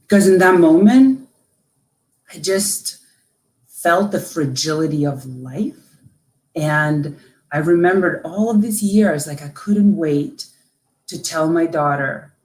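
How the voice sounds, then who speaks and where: A woman from Lithuania, a coach, telling a personal story in an interview with an emotional, halting delivery full of restarts. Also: deep voice, darkish tone, roomy sound. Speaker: guest, coach.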